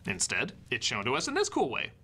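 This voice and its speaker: A man's voice: mid-range voice, huge pitch swings, fairly quick, background noise. A young man narrating a scripted film review in an enthusiastic, wry way. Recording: voice-over with faint music.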